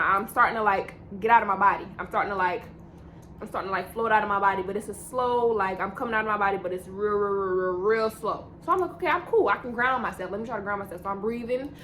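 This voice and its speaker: Bright-voiced young woman telling a story. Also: mid-range voice, fast, a little hiss or hum. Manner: rambling, repetitive slang-heavy storytelling with laughs. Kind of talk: casual storytime vlog.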